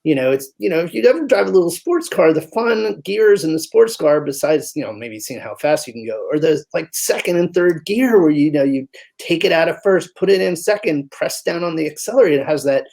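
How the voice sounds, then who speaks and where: A guest physician with a gravelly, slightly husky voice, fairly high in pitch and a little fast, talks through his ideas in a conversational interview. He tells stories with animation and often takes on voices for the people in his examples.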